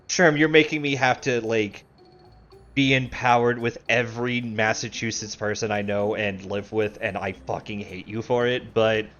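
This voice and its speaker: A man's voice: on the low side, steady tone, moderate pace, a bit bright, dull audio. A man streaming a video game, rambling casually, swearing and mocking himself as he plays. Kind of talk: casual live game commentary.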